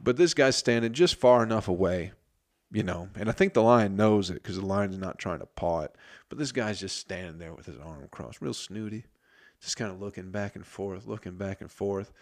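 Low-voiced profane rambling man. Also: moderate pace. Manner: profane, rambling, self-interrupting storytelling. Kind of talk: casual comedic monologue.

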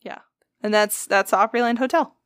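A woman's voice: a little high, fairly even intonation, moderate pace, fairly bright tone, clear, resonant tone, no room sound, clean studio sound. A woman co-hosting a casual podcast, joking playfully. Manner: playful, joking, laughs often. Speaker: podcast co-host. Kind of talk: casual chat.

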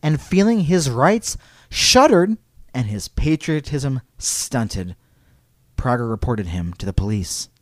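A man hosting a storytelling podcast, casual and digressive, who stops now and then to read quotes aloud. His voice sits at a middle pitch, recorded close and dry with no room sound. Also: lively intonation, slow pace, no echo. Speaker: podcast host.

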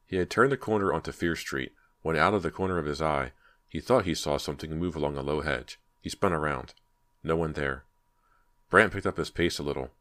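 A man reading a horror audiobook in a steady, measured way. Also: rumbling low. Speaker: audiobook narrator. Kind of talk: scripted horror narration.

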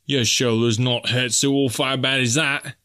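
A man doing a surly rough sailor. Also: mid-range voice, fairly even intonation, a little slow, pushed and bright. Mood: defiant.

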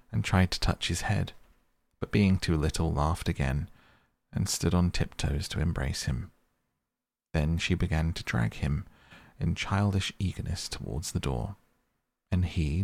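A man's voice: low voice, creaky, slightly rough, no echo. A man narrating a classic novel as a soothing bedtime sleep story. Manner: soft, slow, soothing. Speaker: podcast reader.

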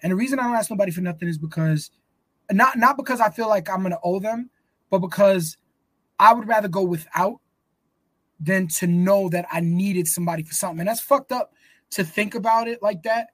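A man's voice: high voice, a little fast, fairly bright tone, no room sound. A man co-hosting a podcast in casual chat, rambling and swearing freely. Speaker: podcast co-host.

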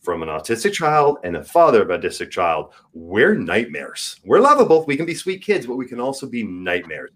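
A man in his forties speaking as a guest, frank and earnest, his delivery swinging between soft and emphatic. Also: mid-range voice, very animated, a little fast, few pauses. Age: 40s. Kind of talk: candid podcast conversation.

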